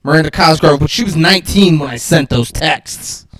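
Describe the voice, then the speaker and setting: A man's voice: a little high, normal speed. A man co-hosting a podcast, cracking jokes and teasing his co-host in casual chat. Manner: joking, teasing, animated delivery.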